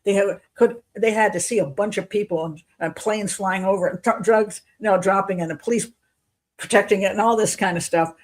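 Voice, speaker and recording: A woman's voice: mid-range voice, brisk. A woman hosting a live show as a criminal profiler, thinking aloud as she answers viewers in a skeptical, questioning way, often restarting sentences and chuckling. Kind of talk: live-stream commentary answering chat.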